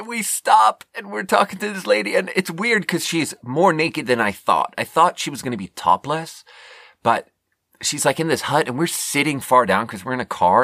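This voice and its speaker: A young man from Sweden, a podcast host, telling a rambling, self-deprecating story with halting fillers. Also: fairly low pitch, a bit bright, no room sound, studio quality. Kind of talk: casual storytelling monologue.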